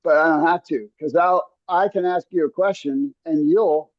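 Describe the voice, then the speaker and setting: A man's voice: on the high side, normal speed, no echo, lo-fi sound. A man talking earnestly in a casual podcast conversation, coaching listeners with frequent restarts and asides. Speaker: podcast host.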